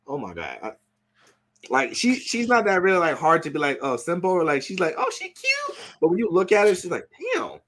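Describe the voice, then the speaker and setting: A man's voice: fairly quick, a little hiss or hum. Guy on a podcast, voice leaps way up when he gets hyped, loose slangy talk. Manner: excitable, pitch jumping up when gushing, slangy. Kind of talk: casual chat reviewing a show.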